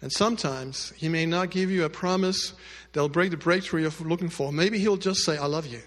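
A male pastor telling a story in a sermon, addressing the congregation directly and moving between loud emphatic lines and hushed quiet ones. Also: high voice, normal speed, long reverb tail. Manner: speaks directly to the congregation with asides.

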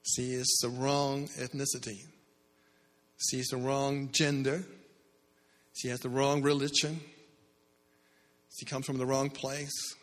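A man's voice: medium pitch, little pitch movement, slow pace, pauses often, fairly bright tone. Preaching man in an echoey hall. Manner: asks the crowd "how many" questions, builds in bursts. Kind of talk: sermon.

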